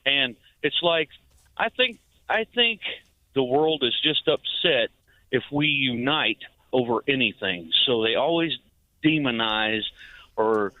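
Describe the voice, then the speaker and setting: A man's voice: mid-range voice, expressive, slow pace, dry recording. A man calling in to a radio talk show, speaking earnestly. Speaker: caller. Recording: tinny phone line.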